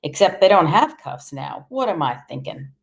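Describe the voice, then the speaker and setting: A woman's voice: sits low, animated, a little slow, creaky, exaggerated voice. A woman reading an audiobook, voicing an easygoing grandfather who talks in a blunt, offhand way.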